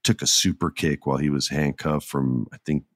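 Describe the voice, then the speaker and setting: A man casually and excitedly retelling a wrestling match, acting out scenes as he goes. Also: rumbling low, fairly quick, no echo, studio quality. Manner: excitable, acts out scenes, many restarts. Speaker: wrestling recap commentator. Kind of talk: casual storytelling recap.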